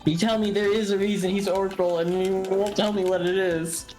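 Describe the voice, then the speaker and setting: A woman's voice: mid-range voice, fairly even intonation, fairly quick, darkish tone, faint music behind. A woman chatting casually during a gameplay stream, teasing and giggly. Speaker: co-player on stream.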